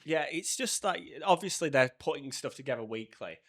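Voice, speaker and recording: A man's voice: fairly high pitch, normal speed. Chatty young British man. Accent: British English. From England. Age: young adult. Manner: rambling, animated, slips into mimicking others. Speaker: podcast co-host. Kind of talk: casual chat.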